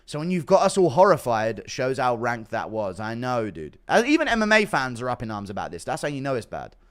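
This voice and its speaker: Animated man live-streaming. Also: mid-range voice, fairly quick. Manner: animated, swears casually, reads donations aloud. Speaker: livestreamer reading chat. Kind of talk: casual livestream chat.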